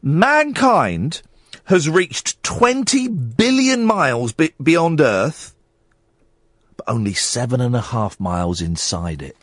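Late-night radio host, male, rambling and excitable, very animated pitch, dry close studio mic. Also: slow, no echo. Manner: rambling, excitable, self-mocking. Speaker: radio presenter. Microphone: studio microphone.

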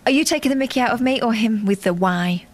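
A woman with a Mancunian accent, co-presenting a radio show with quick, wry retorts. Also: fairly high pitch, expressive. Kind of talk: casual radio banter.

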